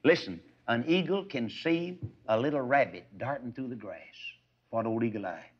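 A man preaching a folksy radio sermon, animated and swinging between loud and soft. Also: medium pitch, normal speed, husky. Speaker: evangelist. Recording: dull lo-fi archive radio recording.

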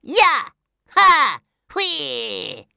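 A narrator voicing an excitable, cheerful young sea sponge with eager, squealing shouts. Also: medium pitch, takes it slowly, no room sound, clean studio sound, voice pushed up, full character voice. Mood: excited.

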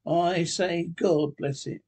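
A man's voice: a little high, steady tone, slow, slightly rough, exaggerated voice. A man doing a cheery, eager young nephew. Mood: earnest. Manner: bright, eager, pleading.

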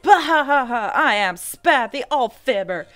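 A woman voicing a scheming male hamster villain, reading his game lines loudly and theatrically with an evil cackle. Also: high voice, animated, unhurried, soft background music, voice pushed up. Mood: gloating. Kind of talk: reading video game dialogue aloud.

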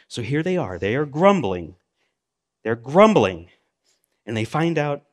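Here a middle-aged man delivers a sermon at a moderate pace, alternating scripture readings with casual asides. He sounds animated, one moment exclaiming loudly and the next speaking quietly and low.

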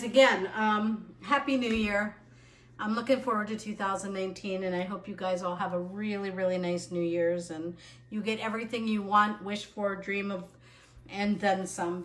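A reverberant recording captures a middle-aged woman chatting through a live cooking stream from her home kitchen. She is bubbly and talkative, laughs at herself along the way, and has a medium-pitched, fairly bright voice.

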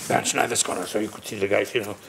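A man's voice: on the low side, steady tone, racing, creaky, fairly bright tone. An older man holds the floor at a casual panel, telling a crash story with sound effects and quoted voices. He laughs often and keeps the tale rolling. His voice echoes in a roomy space over a faint background hiss. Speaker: panel guest telling racing stories. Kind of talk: casual anecdote among friends.

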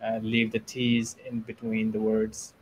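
A man's voice: lowish voice, completely flat delivery, a little slow, breathy edge, low-quality recording. A man learning English, chatting on a video call and asking curious short questions about accents. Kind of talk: casual video-call conversation.

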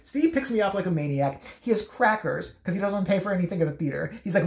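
A fast-talking woman tells a rambling story with a lively, swooping voice. She swears freely and acts out both sides of the phone calls she describes. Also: medium pitch, reverberant. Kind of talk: casual storytelling monologue.

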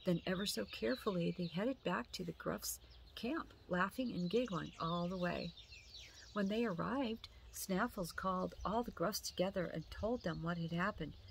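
A woman with a gravelly voice reading a storybook. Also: lowish voice, slight background noise. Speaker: storybook reader. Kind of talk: reading a picture book aloud.

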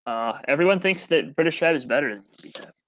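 Bright-voiced man hosting a livestream. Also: a little high, expressive, fast, no room sound. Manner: joking and teasing while fumbling with call settings. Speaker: livestream host. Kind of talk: casual chat over a voice call.

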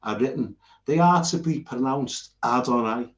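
A man's voice: mid-range voice, normal speed. A British man giving an informal Bible lesson while showing notes on screen, earnest and rambling, often restarting his sentences. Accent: British English. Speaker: Bible teacher. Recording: roomy and dull lo-fi.

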